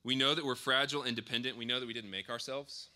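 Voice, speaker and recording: A man in his thirties preaching, his voice very bright and forward. He talks to the congregation casually, slipping in fillers and restating his points as he goes. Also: medium pitch, steady tone, fast. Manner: conversational, with frequent fillers and self-corrections. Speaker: pastor. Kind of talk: sermon.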